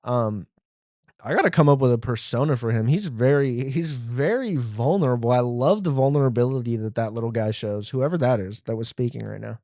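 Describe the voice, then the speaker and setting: A man's voice: mid-range voice, a little fast, mellow, dry recording, clean studio sound. A man hosting his own solo podcast, rambling loosely and laughing between thoughts, recorded on his phone. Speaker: podcast host. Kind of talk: casual solo podcast talk.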